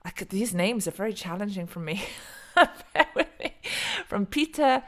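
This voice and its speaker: A woman's voice: mid-range voice, animated, moderate pace, a bit bright. A middle-aged woman hosting a casual solo commentary video, chatty and rambling, often stumbling over names and restarting. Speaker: crypto video host.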